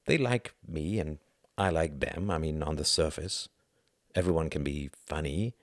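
A man's voice: extremely low pitch, a little slow, no echo, studio quality. A man doing a brooding, troubled young man.

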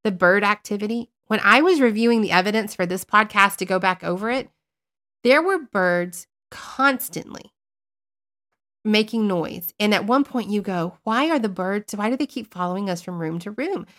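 A woman co-hosting a casual podcast about paranormal investigation, telling her stories in a chatty, animated way and poking fun at herself. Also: medium pitch, moderate pace. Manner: chatty, animated storytelling, self-mocking. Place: based in Northeast Florida.

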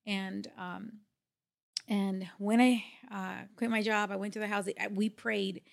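A woman pastor telling her faith testimony as a podcast co-host, animated, laughing often and acting out the voices of others. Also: mid-range voice, measured pace, vocal fry. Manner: animated storyteller, acts out quotes, laughs often. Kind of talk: testimony in casual podcast chat.

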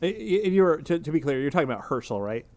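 A man's voice: a little high, sing-song, quick pace, darkish tone. A man co-hosting a podcast in casual chat, joking and rambling with many restarts. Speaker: podcast co-host.

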